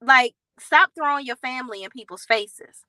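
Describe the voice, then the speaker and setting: A woman hosting a reality TV recap vlog, talking bluntly and with sass, in slangy, animated storytelling. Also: high voice, moderate pace, no room sound, low-quality recording. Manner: blunt, sassy, slangy commentary; animated storytelling with acted quotes.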